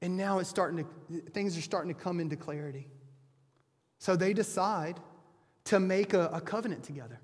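Guy preaching, pretty high voice, chatty storytelling w/ lots of restarts. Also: normal speed, husky, in a large hall. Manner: conversational storytelling with frequent restarts. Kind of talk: sermon retelling a scripture story.

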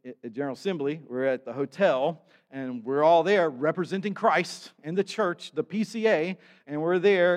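A male pastor, preaching a sermon in a folksy storytelling way and acting out the people in his stories. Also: high voice.

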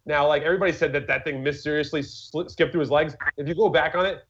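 A man's voice: a little high, fairly even intonation, fast talker, fairly bright tone, slightly rough. A man in casual podcast chat, rambling with many fillers, restarts and swearing. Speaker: podcast co-host. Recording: lo-fi muffled audio.

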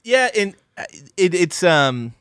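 Man with a fairly high voice for a casual podcast chat, dry humor, dry recording. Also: very animated, slow pace, sharp tone, clear, resonant tone, no room sound. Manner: loses his train of thought, dry jokes.

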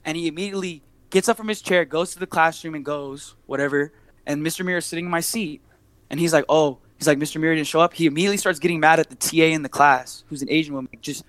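A man's voice: fairly high pitch, quick pace, fairly bright tone, no echo. Young man telling a heated, profane story. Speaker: podcast guest, barber and rapper. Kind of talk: casual storytelling chat.

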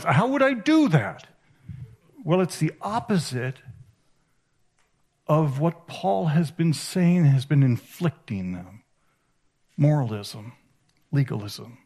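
A man giving a sermon as a conference speaker, animated and emphatic, swinging between hushed and raised delivery. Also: fairly high pitch. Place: conference hall.

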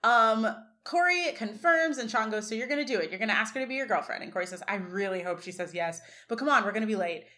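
A woman's voice: mid-range voice, expressive, fast talker, few pauses, bright, forceful tone. A woman co-hosting a podcast, chatting casually and recapping scenes with lots of fillers. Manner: chatty, many fillers, reads quotes aloud. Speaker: podcast co-host.

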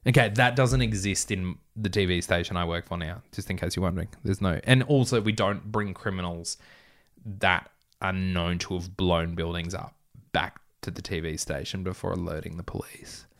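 A man's voice: low voice, moderate pace, fairly bright tone. A man reading his own story aloud, breaking off for wry, joking asides.

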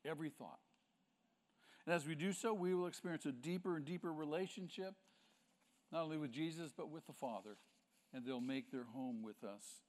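A man's voice: on the high side, normal speed, long pauses, a little mellow. A male pastor preaching a sermon with emphasis, asking the congregation rhetorical questions.

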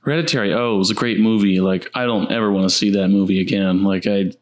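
A man in a casual movie chat, halting and repeating words as he searches for what to say. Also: lowish voice, steady tone.

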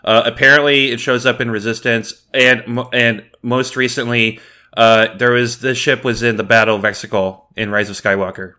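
Bright-voiced nerdy man explaining lore. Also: mid-range voice, steady tone, moderate pace. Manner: nerdy, explains lore details with many uh fillers. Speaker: podcast co-host. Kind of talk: casual episode recap chat.

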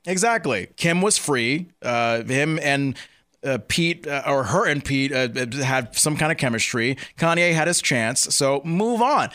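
A man's voice: medium pitch, animated, unhurried, sharp tone. A man hosting a casual celebrity gossip chat, teasing his co-host in a playful, hesitant way. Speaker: podcast host.

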